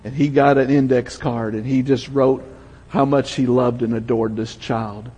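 An older man with a Southern American accent, preaching a sermon and telling stories, softening to a hush at tender moments. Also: mid-range voice, fairly even intonation, normal speed, husky, dull audio. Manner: storytelling, drops to a soft hush for emotional moments. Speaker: pastor. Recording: long hall reverb.

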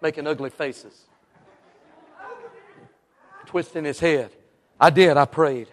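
A man preaches as an evangelist, telling a lively story and acting out the people in it. His voice sits a little high for a man. Long reverb trails his words through a large church hall. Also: takes it slowly, a faint crowd. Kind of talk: storytelling sermon.

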